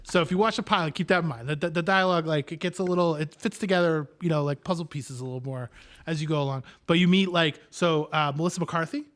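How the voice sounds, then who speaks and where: A man's voice: a little high, quick pace, a bit bright. A man co-hosting a podcast in casual chat, talking loosely with lots of filler words and restarts. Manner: chatty, hedging with filler words. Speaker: podcast co-host.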